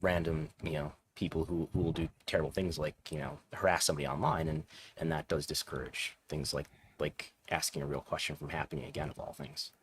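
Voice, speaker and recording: A man co-hosting a podcast, talking through numbers in an analytical, measured way, thinking aloud. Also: extremely low pitch, steady tone, a little hiss or hum. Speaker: podcast co-host. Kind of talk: casual podcast chat.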